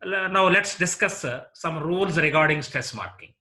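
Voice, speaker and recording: A man teaching an English lesson on word stress, slowly and deliberately repeating example words one at a time. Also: a little high, animated, bright, forceful tone. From India. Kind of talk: classroom lecture on word stress.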